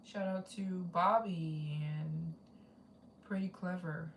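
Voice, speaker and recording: A woman's voice: fairly low pitch, steady tone, slow, vocal fry, recorded from a distance, a little hiss or hum. Rambling woman live-streaming from a roomy space. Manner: rambling, repeats herself, reads out donations. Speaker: travel vlogger hosting a fundraiser live stream. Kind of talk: casual live-stream chat.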